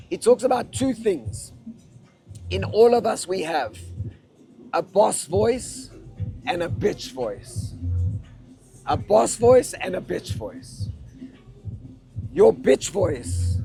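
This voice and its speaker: A man's voice: high voice, vocal fry, dark tone. A man giving a casual, slangy motivational talk to a live festival audience. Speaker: motivational speaker.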